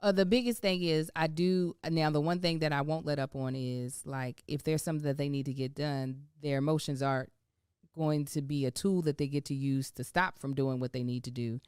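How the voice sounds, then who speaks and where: A woman's voice: sits low, steady tone, normal speed, darkish tone, clear, resonant tone, no room sound, studio quality. A woman in her thirties co-hosting a podcast, talking candidly and reflectively about parenting with frequent laughs. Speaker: podcast co-host. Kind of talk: casual chat.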